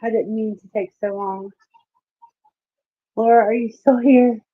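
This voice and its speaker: A woman's voice: on the high side, steady tone, measured pace, dry recording, narrow, tinny audio. Chatty woman reading tarot on a live stream. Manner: chatty, apologetic, calls viewers babe and love. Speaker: tarot reader. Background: children heard in the background.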